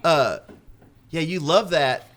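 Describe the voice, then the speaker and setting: Brief: podcast regular, man, slightly high voice, salty storyteller who mimics the people in his stories. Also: animated, slow pace, fairly bright tone. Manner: profane storyteller who acts out quotes. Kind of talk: casual chat.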